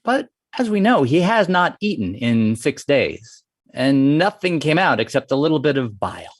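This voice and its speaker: A man telling a traditional folktale at an open mic with animated, varied delivery. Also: medium pitch, normal speed, no room sound, studio quality. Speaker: storyteller. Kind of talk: oral storytelling of a folktale.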